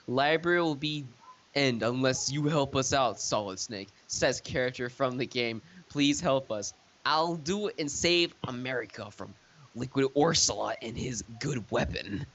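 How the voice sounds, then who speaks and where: A man's voice: mid-range voice, a bit bright, lo-fi sound. A young man reading a silly fanfiction aloud for laughs, stumbling over misspellings and cracking up as he goes. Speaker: reader of a fanfiction. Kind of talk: comedic dramatic reading.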